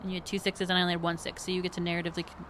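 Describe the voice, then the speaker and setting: A woman's voice: on the low side, completely flat delivery, racing, noisy background. A woman running a tabletop game as game master, patiently explaining the rules and laughing often.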